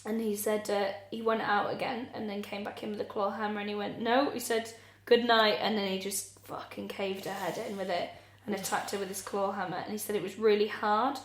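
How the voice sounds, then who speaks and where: A woman's voice: mid-range voice, flat delivery, fairly quick, few pauses. Blunt, sweary woman podcaster, echoey room. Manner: blunt, sweary, laughs often. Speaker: podcast co-host. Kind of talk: casual comedic chat.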